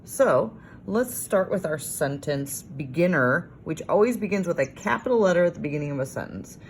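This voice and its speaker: A woman teacher recording a homework lesson for young children, sounding out words slowly and praising often. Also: lowish voice, lively intonation, slight background noise. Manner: slow, sing-song sounding out of letters and words; encouraging, praising.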